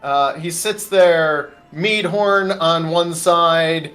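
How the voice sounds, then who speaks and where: A man's voice: on the high side, steady tone, very slow, a bit bright, faint music behind. A man running a tabletop game as game master over an online call, narrating casually with many fillers. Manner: casual, rambling, full of fillers.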